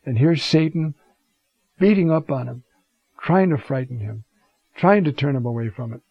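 A man teaching a Scripture talk in an unhurried, reflective way, pausing often as he looks up verses. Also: medium pitch, breathy edge, no echo, dull audio. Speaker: Bible teacher.

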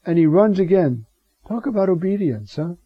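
A man's voice: high voice, expressive, moderate pace, husky, dry recording. A man preaching on scripture, digressive, with rhetorical asides and Hebrew words. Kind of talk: scripture teaching sermon. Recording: dull lo-fi recording.

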